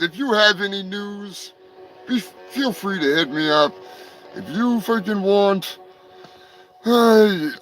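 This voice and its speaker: A man's voice: high-pitched, pushed and bright, poor audio. A man hosting a comedy news show, profane and mocking, rambling between jokes. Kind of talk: crude comedic news rundown.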